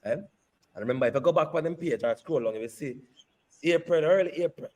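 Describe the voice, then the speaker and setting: A man, a company CEO, telling a personal story in an interview with animated, repeated phrases. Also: a little high, fast. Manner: animated retelling that repeats phrases and slips into patois.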